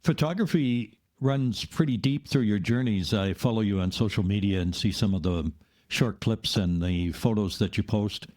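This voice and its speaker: A man hosting a podcast who asks measured, prepared questions. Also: fairly low pitch, darkish tone. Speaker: podcast host. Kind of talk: interview questions.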